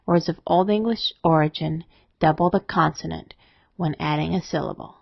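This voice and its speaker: A woman narrating a scripted spelling lesson, explaining rules in a steady, methodical way. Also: low-pitched, normal speed, vocal fry, no room sound. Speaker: spelling teacher. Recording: dry, dull lo-fi voice-over.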